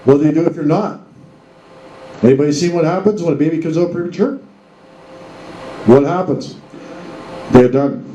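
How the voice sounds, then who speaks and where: Man, show host, casual monologue full of rhetorical questions, dark tone, echoey room with faint ambience. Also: fairly high pitch, moderate pace, long pauses, dull audio, a little hiss or hum. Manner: rhetorical questions, addresses folks directly.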